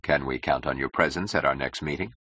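A man playing a smooth, condescending middle-aged intellectual who speaks in a suave, patronizing way. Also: extremely low pitch, brisk, sharp tone, no room sound, voice pushed down, heavily acted.

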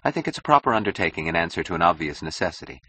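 Man reading an aloof mocking woman, drawling, raised husky voice, lively lilt. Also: low-pitched, rapid-fire, no room sound, full character voice. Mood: ironic. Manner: languid, ironic drawl.

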